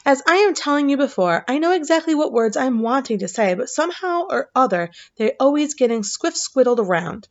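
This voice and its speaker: A woman voicing a huge, kindly old male giant who speaks in slow, jumbled, booming sentences for a storybook reading. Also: animated, highs cut off. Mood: wistful, delighted. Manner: booming, drawn-out, jumbled grammar.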